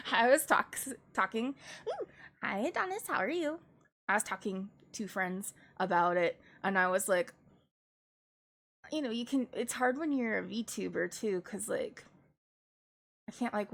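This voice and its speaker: A woman's voice: medium pitch, vocal fry, a bit bright. A woman VTuber chatting casually with her live-stream viewers, giggly and drawn out.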